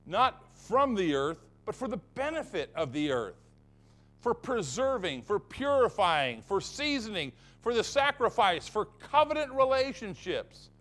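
A man's voice: high-pitched, big pitch swings, measured pace, a bit bright. A man preaching a sermon as pastor of his church, emphatic and fond of repeating phrases for effect.

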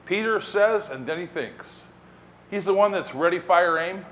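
A man preaching a sermon as pastor, telling the story in an animated way and acting out scenes. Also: high voice, unhurried, slight background noise.

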